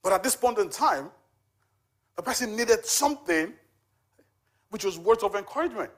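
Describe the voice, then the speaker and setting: A man in his forties stands before a church congregation and shares a personal testimony. He talks in a loose, conversational way, often pausing on little fillers as he tells the story, and his voice sits a little higher than most men's. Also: animated. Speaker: charity volunteer giving a testimony.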